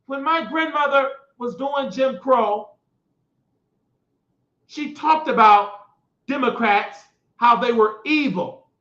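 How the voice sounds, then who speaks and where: A man's voice: very high-pitched, slow, long pauses. A man rants heatedly as host, his voice swinging between outbursts and muttered asides, stumbling over restarts. The sound carries a roomy echo and a dull, lo-fi edge. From United States. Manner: heated, shouting at times, rambling with restarts. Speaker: show host. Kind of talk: impassioned political monologue. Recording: echoey room, dull lo-fi sound.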